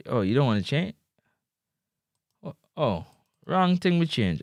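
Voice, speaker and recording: A man with a Jamaican accent hosting a casual football talk stream, playful and full of shout-outs and "boop" sound effects. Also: mid-range voice, very animated, unhurried, pauses often, no echo, clean studio sound. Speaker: sports talk show host. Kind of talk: casual livestream football commentary. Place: indoors in a building overlooking a stadium.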